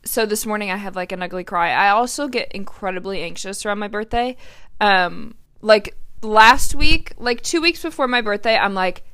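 Here the podcast host, a woman in her twenties, talks at a moderate pace in a mid-range, sharp, smooth voice. Alone at the mic, she's candid, chatty and emotional, leaning hard on "like" and fillers.

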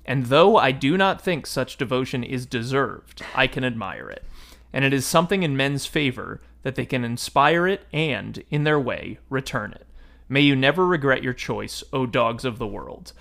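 A man voicing a lonely, noble ancient male star-dog while reading a book passage aloud in a measured, grave way. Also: medium pitch, expressive, creaky, fairly bright tone.

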